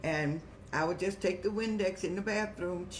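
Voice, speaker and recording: A woman's voice: fairly low pitch, moderate pace, slight background noise. An older woman hosting an advice show, talking in a folksy, motherly, preaching way. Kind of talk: casual advice talk.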